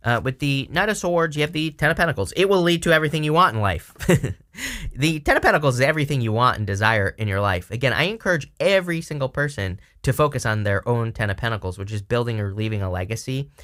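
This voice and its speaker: A tarot reader with hiccups gives a casual, rambling reading, chatty, full of fillers and frequent laughter. He talks fast in an expressive, mid-range voice that's a bit bright.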